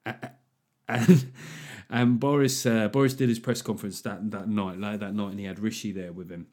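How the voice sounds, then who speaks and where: A man's voice: fairly low pitch, steady tone, normal speed, darkish tone. A man in his forties hosting a comedy podcast, riffing casually with lots of swearing and self-mockery. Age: 40s.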